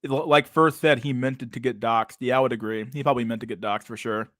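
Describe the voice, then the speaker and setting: A man's voice: medium pitch, steady tone, quick pace, fairly bright tone, dry recording, studio quality. A young man streaming a reaction video, rambling casually and profanely, mocking the clip and peppering his talk with "bro" and "dude.". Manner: crude, mocking, rambling with many restarts and "bro".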